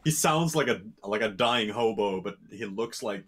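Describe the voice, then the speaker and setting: A young man co-hosting a casual podcast, joking around, crude and quick to swear. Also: on the low side, lively intonation, fairly bright tone. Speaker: podcast co-host. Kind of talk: casual chat.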